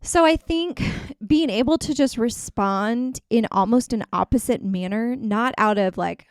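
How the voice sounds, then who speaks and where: A woman's voice: a little high, measured pace, clear, resonant tone, no echo, clean studio sound. A woman co-hosting a faith podcast, talking casually and earnestly with many fillers and restarts. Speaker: podcast co-host.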